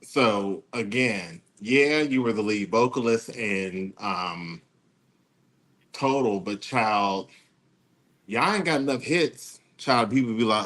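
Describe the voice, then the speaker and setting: Sassy man with animated gossip delivery. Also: lowish voice, slow. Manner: animated, sassy, mocking impressions and singing bits. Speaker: podcast co-host. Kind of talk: casual commentary chat.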